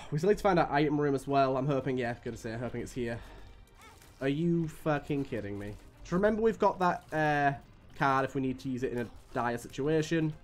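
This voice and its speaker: A young man commentating his own gameplay on a live stream, his voice rising high and dropping low as he grumbles at the game. He swears freely and sounds worn down by bad luck. A faint music track runs behind him. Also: expressive, fairly quick. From United Kingdom.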